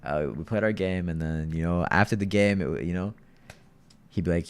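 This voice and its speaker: A man's voice: low-pitched, normal speed, clear, resonant tone. A young man streaming a game with his viewers, chatting loosely, repeating himself and calling everyone "bro". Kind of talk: casual live-stream gaming chat.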